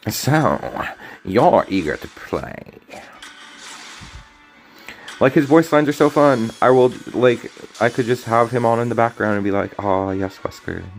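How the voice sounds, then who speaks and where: A man talks his way through a card game on stream, mid-pitched and easygoing. He jokes, cuts himself off, and keeps apologizing with a grin in his voice. Soft game music runs underneath. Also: lively intonation, measured pace, long pauses. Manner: rambling, jokey, self-interrupting, apologetic. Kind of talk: casual gaming stream commentary. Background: faint game music.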